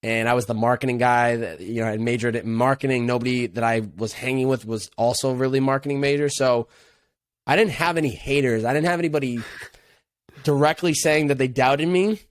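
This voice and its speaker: Young man, podcast guest, earnest, reflective, casual slang, middle pitch, dry close sound. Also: steady tone, brisk, dry recording. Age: young adult. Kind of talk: casual interview conversation.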